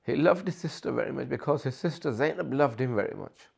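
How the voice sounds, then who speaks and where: A man's voice: mid-range voice, expressive, a little fast, creaky, husky. A man delivering an emotional religious sermon, telling the story with impassioned, rising delivery. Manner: impassioned storytelling, voice rising and straining when quoting. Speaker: speaker.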